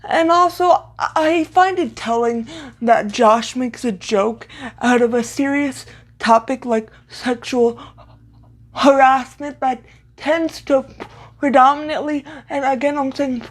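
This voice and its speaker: A young woman giving blunt, sarcastic commentary in a halting way, often repeating the first sounds of words. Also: sits high. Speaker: vlogger. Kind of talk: opinionated commentary.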